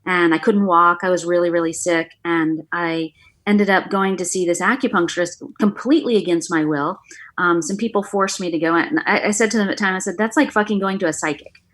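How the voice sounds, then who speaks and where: A middle-aged woman, a guest on an interview show, telling her story with lively energy and acting out the dialogue. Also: fairly low pitch, fairly quick. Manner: animated storyteller, acts out quoted dialogue. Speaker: guest, author and former acupuncturist.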